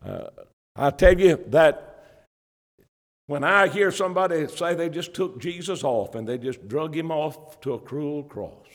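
Preacher, male, high pitch, fervent sermon delivery, church hall reverb. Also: expressive, measured pace. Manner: fervent preaching with rising emphasis; Bible quotations in old King James wording.

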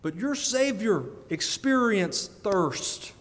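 A man preaching a sermon, animated and often breaking into laughter between emphatic peaks. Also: sits high, slow. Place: church sanctuary. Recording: long church reverb.

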